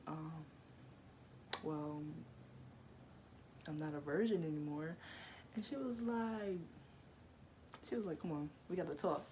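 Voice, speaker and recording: A woman's voice: on the low side, slight background noise. A young adult woman vlogger telling a storytime to camera in slangy, playful speech, teasing her viewers. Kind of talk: casual storytime monologue to camera.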